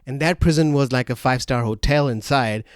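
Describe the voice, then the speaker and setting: A man hosting a casual podcast, telling stories in a rambling way with fillers and quick laughs. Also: medium pitch, clean tone, dry recording, clean studio sound. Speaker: podcast host.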